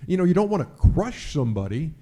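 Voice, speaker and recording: A man's voice: on the high side, sing-song, fast, dark tone. A middle-aged sportscaster giving a speech to an audience, telling stories animatedly and acting out the lines he quotes.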